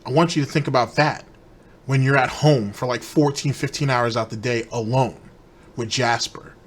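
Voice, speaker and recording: A man's voice: medium pitch, fairly even intonation, normal speed, a little hiss or hum. A man hosting a commentary show, delivering a heated, repetitive, accusatory rant aimed straight at one person. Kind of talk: ranting commentary.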